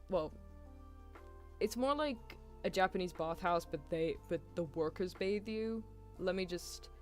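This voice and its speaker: A young British woman streaming, her voice sitting a touch low for a woman. She chats casually in an animated, rambling way and laughs easily, with faint music underneath. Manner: chatty and animated, with frequent laughs and apologies. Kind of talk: casual chat.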